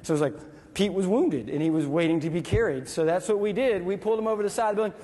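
Husky-voiced man telling stories in a hall. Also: high-pitched, racing. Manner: animated, acting out dialogue and sound effects. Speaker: military veteran speaker. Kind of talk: storytelling talk to an audience. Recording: long reverb from a hall.

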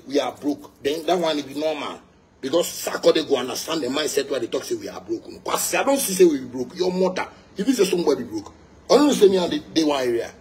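A heated man with a Ghanaian Pidgin-tinged accent, his voice sitting fairly high for a man. He rants and repeats himself, often jumping up in loud, insulting bursts. A faint hiss of noise sits under the recording. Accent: Ghanaian English with Pidgin. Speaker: musician ranting. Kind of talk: angry rant.

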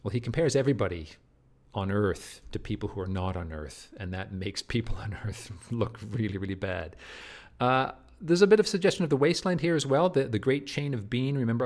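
A man's voice: lowish voice, a little mellow. A man giving a recorded literature lecture, who often repeats and restarts words and keeps checking in with his listeners.

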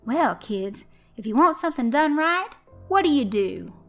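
A woman voicing a showy male host of a children's stage show, coaxing and shouting to the kids. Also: high voice, big pitch swings, normal speed, faint music behind, voice pushed up, exaggerated voice. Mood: hammy. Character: loud jovial male kids' show host.

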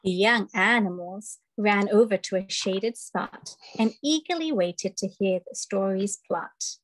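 A woman hosting a children's story time, reading picture books aloud in an animated, expressive way over a video call. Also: mid-range voice, unhurried. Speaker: storyteller host.

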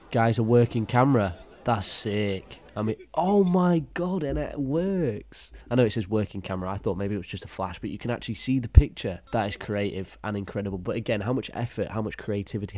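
Low-voiced, crude, sarcastic male commentator. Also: dry recording. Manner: crude, mocking, deadpan asides. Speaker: YouTube commentator.

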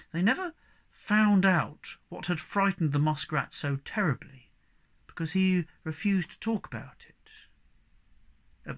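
A reader narrating a children's book aloud in an expressive, varied storytelling manner. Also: mid-range voice.

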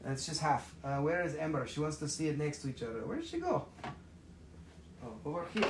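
A man's voice: on the high side, fast talker, a crowd in the background. A man hosting a live online sale of crystals, joking, swearing and bantering with viewers as he prices each stone. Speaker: live-stream seller of crystals and minerals. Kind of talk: live online sales stream.

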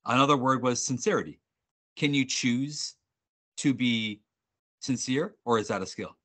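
Bright, upbeat male sales trainer. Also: medium pitch, measured pace. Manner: upbeat, animated, jokey, with frequent restarts. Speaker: sales trainer presenting a webinar. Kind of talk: energetic workshop presenting. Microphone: video call.

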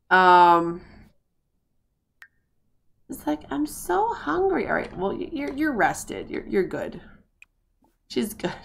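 A woman's voice: on the low side, gravelly. A woman from the United States chatting casually while streaming a life-sim game, rambling with frequent restarts and laughs.

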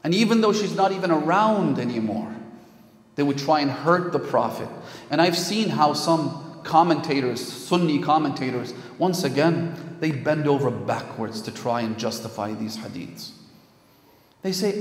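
Impassioned preacher in an echoey hall. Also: male voice, fairly high pitch, animated, unhurried. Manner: impassioned storytelling, rising to emphatic peaks. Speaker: religious lecturer. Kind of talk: sermon. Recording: echoey hall with long reverb.

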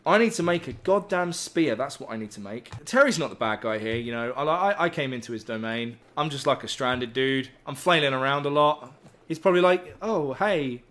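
A man's voice: medium pitch, animated, brisk, a bit bright. A man commentating a survival game as he plays, rambling and joking, swearing freely and yelping when startled. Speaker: gaming YouTuber. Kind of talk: let's play commentary.

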